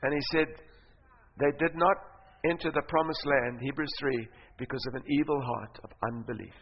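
A middle-aged man preaching a sermon as pastor, emphatic, swinging from loud declarations to quiet asides. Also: medium pitch, normal speed. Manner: emphatic preaching, rising loud then dropping soft. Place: large church hall. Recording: dull muffled sound with long reverb and faint noise.

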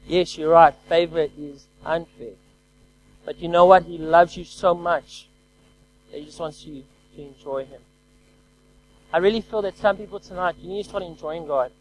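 A man preaching a lively sermon who calls out to his congregation and swings between loud exclamations and quiet, hushed lines. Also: fairly high pitch, moderate pace, a little hiss or hum, poor audio. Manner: energetic call-and-response preaching.

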